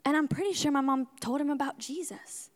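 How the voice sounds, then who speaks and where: A young woman giving a testimony in a sermon, animated and acting out her own outbursts. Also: sits high, a little fast. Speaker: speaker at a church service. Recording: long hall reverb.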